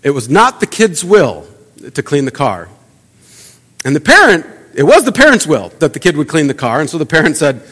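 A man preaches to his congregation in a relaxed, conversational way, tossing in rhetorical questions and little acted-out asides. His voice sits a touch above the usual male pitch. A long reverb from the church hall trails behind each phrase. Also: moderate pace. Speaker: pastor. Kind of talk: sermon. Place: church sanctuary.

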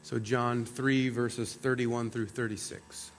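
A man's voice: mid-range voice, moderate pace. A man with a Midwestern US accent, a pastor giving a conversational sermon and reading scripture, often repeating words as he restarts. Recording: long hall reverb.

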